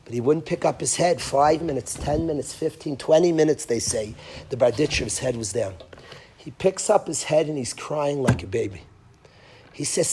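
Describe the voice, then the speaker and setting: A male rabbi giving an impassioned lecture to parents, repeating phrases and swinging between loud emphasis and soft, hushed lines. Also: fairly high pitch, expressive, moderate pace, noisy background.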